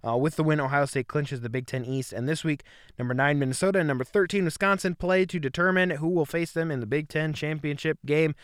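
A young man co-hosting a podcast in casual sports chat, relaxed, reading stats and segments from his notes. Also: fairly high pitch, quick pace, clean tone, dry recording, studio quality. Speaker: podcast co-host.

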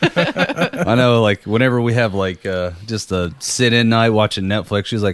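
A young man hosting a casual podcast, telling stories in an animated way and laughing often. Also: lowish voice, normal speed, no echo. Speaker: podcast host. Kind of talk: casual chat.

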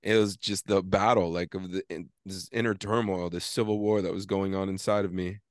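A man with a low-pitched voice tells a rambling, animated story in casual podcast chat. He swears freely and acts out arguing with himself. The sound is dry and close. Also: a little fast, no room sound. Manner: animated storytelling, swears often, acts out his inner argument. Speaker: podcast co-host.

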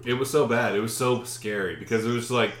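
A man, co-hosting a podcast and telling a story with lively, profane, shouted reenactments. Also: mid-range voice, fairly quick, roomy sound. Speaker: podcast co-host. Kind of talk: casual chat.

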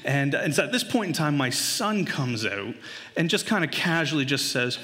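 A man in his thirties telling a funny family story in a bright, forceful voice. He is animated, and his pitch leaps up whenever he acts out the panic. A long hall reverb trails behind him. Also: normal speed. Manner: animated, voice jumps high when acting out panic. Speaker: father telling a story to an audience. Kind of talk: humorous personal storytelling.

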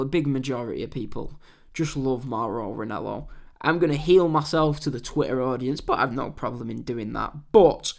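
A man hosting a wrestling podcast, giving blunt opinions with swearing and mocking loud shouts. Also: a little high, gravelly. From England. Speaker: podcast host.

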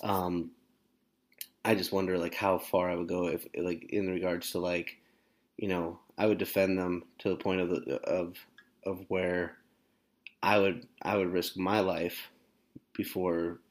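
A man co-hosting a podcast, talking in a halting, searching way full of restarts. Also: low voice, little pitch movement. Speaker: podcast co-host. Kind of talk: casual chat.

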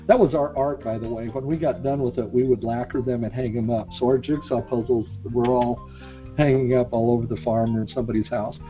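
A man's voice: mid-range voice, fairly even intonation, a little fast, phone-quality sound, soft background music. Folksy male interview host. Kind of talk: interview questions with a personal anecdote.

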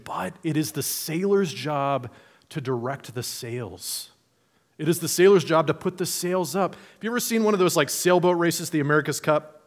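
A male pastor delivers a sermon in an easygoing, conversational manner. His voice sits a little higher than most men's. He slips into playful imagined voices to make his points.

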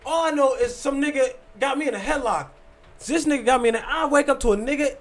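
High-voiced man telling a wild story. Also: fast. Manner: animated, swearing, acts out quotes loudly. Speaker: podcast co-host. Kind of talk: casual storytelling chat.

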